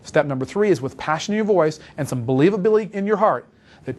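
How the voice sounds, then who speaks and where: A man delivers a sales training talk at a rapid clip, his voice sitting a bit high for a man. He sounds brisk and emphatic and repeats key points for stress. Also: animated, darkish tone. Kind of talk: instructional talk with role-played phone calls.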